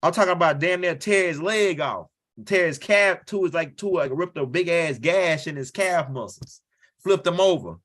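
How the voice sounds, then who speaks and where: At a moderate pace and in a slightly high, fairly bright voice, a male stand-up spins a rambling, profane story. He loosely checks in with the crowd, often dropping a "right?"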